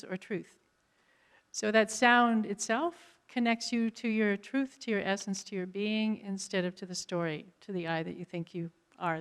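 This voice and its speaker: A woman yoga teacher calmly explaining a mantra before leading a short guided meditation. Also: medium pitch, clear, resonant tone. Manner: calm, explanatory.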